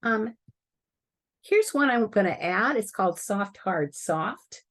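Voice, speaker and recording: A woman giving a prepared talk on stepfamily life, explaining earnestly and clearing her throat now and then. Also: medium pitch, expressive, takes it slowly, a bit bright.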